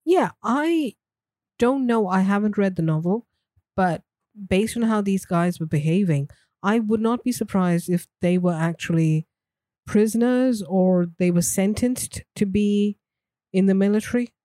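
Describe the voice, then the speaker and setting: A woman co-hosting a podcast, chatting about a movie in a calm, agreeable, measured way. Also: mid-range voice. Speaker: podcast co-host. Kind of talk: casual movie chat.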